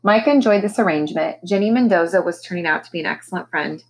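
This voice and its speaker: A woman teacher reading a children's novel aloud with expressive storytelling. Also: on the low side, fast, rough recording.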